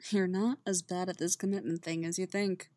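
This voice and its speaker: A woman's voice: on the low side, dry recording. Drowsy murmuring man, voiced by a woman. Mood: sleepy murmur. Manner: murmured, quiet and unhurried. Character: drowsy adult man, low and gentle.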